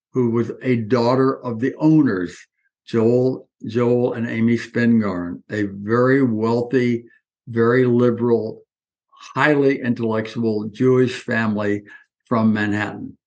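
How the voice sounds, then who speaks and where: Animated elderly man telling stories. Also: medium pitch, slow pace. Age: 80s. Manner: lively anecdotal, acts out quoted voices, frequent restarts. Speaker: interview guest. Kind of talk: reminiscing storytelling.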